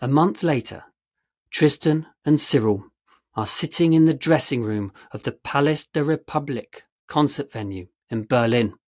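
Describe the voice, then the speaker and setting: A man narrating a story in a steady, measured reading voice. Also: mid-range voice. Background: faint guitar music.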